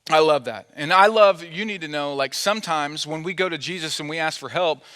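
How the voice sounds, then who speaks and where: Male pastor, conversational sermon, fairly high voice, long reverb of a large hall. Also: a little fast, pushed and bright. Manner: conversational and playful, acting out quotes.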